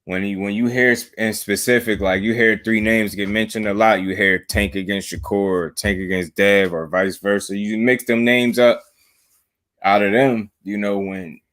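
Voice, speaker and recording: A man breaking down a fight in a measured, analytical way. His voice is low and steady, and he backs up his co-host with quiet murmurs of agreement. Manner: measured, analytical, frequent "mm-hmm" backchannels. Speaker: podcast co-host. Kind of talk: casual boxing chat.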